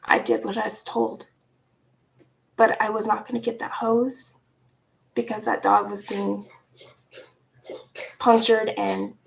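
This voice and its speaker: Gravelly, unhurried woman telling a story. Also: mid-range voice. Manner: animated, laughs often, drops to hushed asides. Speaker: vlogger. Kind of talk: casual personal storytelling.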